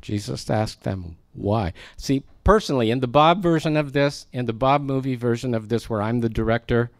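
Speaking at medium pitch and normal speed, a pastor delivers an expository sermon verse by verse, talking conversationally and joking with his congregation along the way. There's no room sound on the recording.

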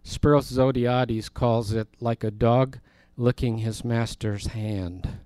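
A man's voice: medium pitch, fairly even intonation, takes it slowly, dark tone, clean tone, no echo. A man teaching a Bible study in a conversational way, explaining words and asking his listeners questions.

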